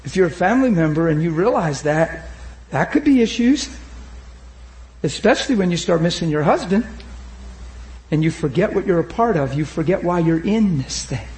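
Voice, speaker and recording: A man preaching an impassioned sermon, shouting at times and then dropping to a hushed retelling, urging the crowd on. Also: a little high, expressive, moderate pace, reverberant. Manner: urges the crowd with repeated calls of "come on".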